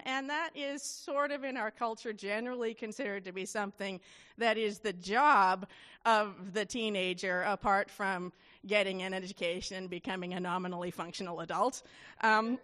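A woman's voice: on the high side, fairly bright tone. Wry, chatty woman. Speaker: guest speaker. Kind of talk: casual talk to a congregation. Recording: long reverb hall.

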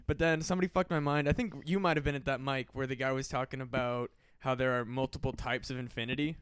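A man talking on a podcast with a smooth voice that cracks now and then. He rambles in an excitable, profane way through big ideas. The sound is dry and close. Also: mid-range voice, quick pace, dry recording. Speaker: podcast guest. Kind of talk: casual chat.

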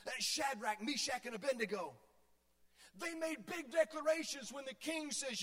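A man preaching a sermon as pastor, swinging between soft asides, shouts and sung phrases. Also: very high-pitched, normal speed. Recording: long hall reverb.

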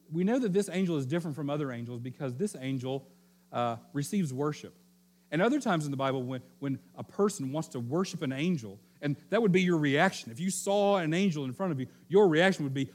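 A man's voice: fairly high pitch, lively intonation, fairly quick, darkish tone. Man preaching a sermon, asking "okay?". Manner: teaching, repeats key phrases and checks in with "okay?". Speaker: pastor.

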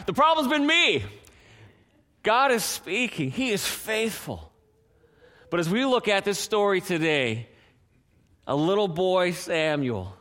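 Male pastor preaching, lively, slightly high voice, goes soft and hushed when he prays. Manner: animated, acts out the scripture voices; drops to a soft hush for prayer. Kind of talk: sermon.

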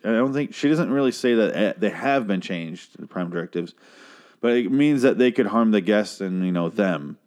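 Rambling, profane man with a lowish voice. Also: animated, normal speed, a little mellow. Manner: rambling, profane, restarts a lot; mimics characters in a raised voice. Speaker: TV episode recapper. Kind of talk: casual episode recap.

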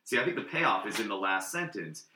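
A man co-hosting a casual book discussion podcast. He talks in an animated way and acts out quoted lines with sudden jumps in pitch. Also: fairly quick, a little hiss or hum. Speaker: podcast co-host. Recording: roomy echo.

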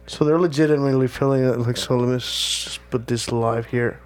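A man's voice: medium pitch, fairly even intonation, brisk, faint music behind. A man co-hosting a podcast in crude casual chat, swearing freely and often breaking into laughter. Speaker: podcast co-host.

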